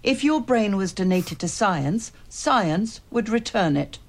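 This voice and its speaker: A woman playing a blunt, posh older British lady in an ad, speaking with a British accent and a gravelly, husky voice in a scripted ad read. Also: medium pitch, expressive, takes it slowly. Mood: scornful. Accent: British English.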